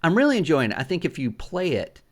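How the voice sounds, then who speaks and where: A middle-aged man with a slightly high voice and huge pitch swings hosts a casual gaming podcast. He tells rambling, profane stories, halting and restarting often and using lots of fillers.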